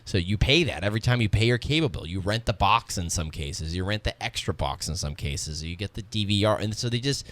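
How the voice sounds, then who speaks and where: Deep-voiced man in studio banter. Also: brisk, few pauses. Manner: animated, explains at length. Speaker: radio show co-host. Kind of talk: casual studio chat.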